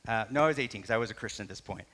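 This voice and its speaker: A man's voice: fairly low pitch, racing, long reverb tail, a little hiss or hum. A middle-aged man, a pastor, telling a personal story in a sermon, talking in a loose conversational way, correcting himself and acting out what people said. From Canada. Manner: conversational, self-correcting, animated retelling with acted quotes.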